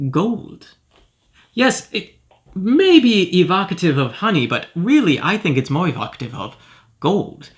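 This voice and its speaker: In a comedic character monologue, the host plays a self-important, pompous professor reviewing cereal. His exaggerated voice is on the high side and a bit bright.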